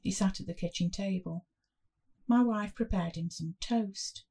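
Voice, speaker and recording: A woman reading a first-person story aloud in a slow, measured way. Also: mid-range voice, mellow, breathy edge.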